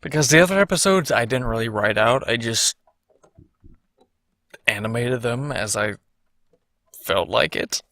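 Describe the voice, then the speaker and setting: A man casually commenting on his own animated series, rambling, swearing and poking fun at himself. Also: mid-range voice, unhurried, pauses often, no echo. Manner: rambling, profane, self-mocking. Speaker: creator of an animated web series.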